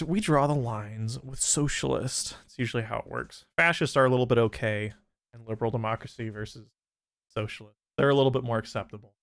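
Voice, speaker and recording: A young man hosting a livestream, chatting casually and profanely, with many restarts and animated outbursts. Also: medium pitch, brisk, vocal fry, no echo, clean studio sound. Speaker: streamer host.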